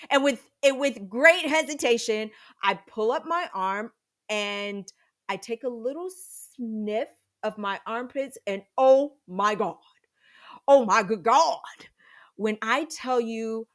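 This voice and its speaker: Slow-talking woman telling a funny story. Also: fairly high pitch. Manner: dramatic, animated retelling with sudden loud outbursts. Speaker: podcast storyteller. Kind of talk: comedic personal storytelling.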